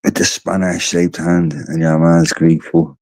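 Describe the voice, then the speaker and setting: A man's voice: sits low, little pitch movement, unhurried, a little mellow. A tired Irish man chatting casually on a livestream, rambling and swearing freely. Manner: rambling and profane. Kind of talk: casual chat.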